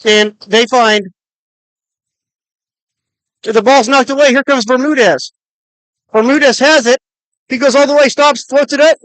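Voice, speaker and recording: Brisk, crisp-voiced basketball play-by-play caller. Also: high-pitched, fairly even intonation, a bit bright, no room sound, low-quality recording. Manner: rapid clipped calls of each pass and shot; counts down the clock aloud. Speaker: play-by-play announcer. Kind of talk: high school basketball radio play-by-play.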